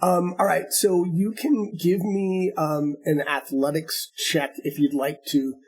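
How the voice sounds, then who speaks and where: A man's voice: a little high, flat delivery, slow pace, husky. A man narrating as game master, patiently explaining the rules step by step.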